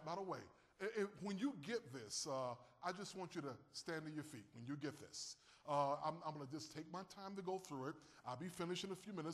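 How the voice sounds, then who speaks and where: A man preaching a sermon, animated and calling on his listeners to answer and raise their hands. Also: on the high side, long reverb tail. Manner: animated, calls on the audience to respond.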